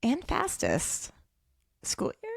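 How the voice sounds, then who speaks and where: A woman in her thirties co-hosting a podcast in casual chat, bubbly and excitable, jumping in with quick reactions. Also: no room sound. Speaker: podcast co-host.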